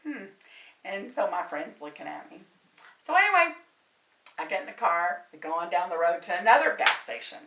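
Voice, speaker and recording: A woman who works as a medium and tarot reader tells a story in casual chat, animated and talkative and laughing often. Her voice is lowish and brisk, and the roomy recording has a distant mic and faint noise.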